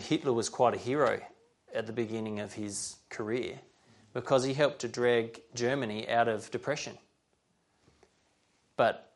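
A man preaching a sermon, reading scripture aloud and earnestly addressing his listeners directly. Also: mid-range voice.

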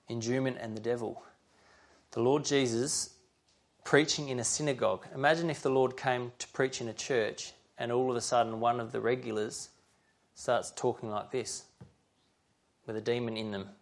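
Male preacher, sermon, gravelly mid-range voice, earnest, speaks directly to the congregation. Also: medium pitch. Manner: earnest, addresses listeners directly. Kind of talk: sermon with scripture reading.

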